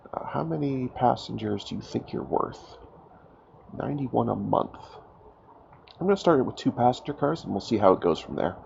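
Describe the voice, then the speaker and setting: Male gaming host, congested from a cold, gravelly and lively, casual self-mocking commentary; dull lo-fi mic. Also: mid-range voice, a little hiss or hum. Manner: chatty, self-mocking, thinking aloud. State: stuffed up from a cold. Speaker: gaming YouTuber. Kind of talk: casual let's-play commentary.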